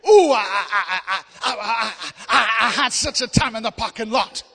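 A man's voice: high voice, moderate pace, gravelly, bright, forceful tone, voice pushed up, exaggerated voice. A man mimicking a showy preacher's affected voice, breathless and stammering.

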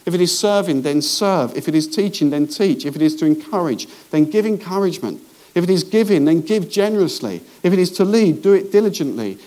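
A man preaches, his fairly high voice moving from quiet confiding asides up to bold, emphatic exhortation. He breaks in with jokey remarks to the congregation, in an animated pastor's sermon. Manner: animated, swings between hushed asides and rising emphasis.

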